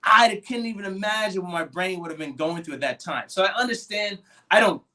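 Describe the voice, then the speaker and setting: A man co-hosting a casual movie discussion podcast, animated and acting out quoted voices as he talks. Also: sits high, a little fast. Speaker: podcast co-host.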